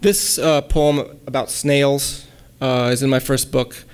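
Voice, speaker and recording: A man giving a relaxed lecture at a college, hesitating often with ums and restarts and reading his own poems aloud. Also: mid-range voice, slow pace, smooth. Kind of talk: casual lecture with poem readings.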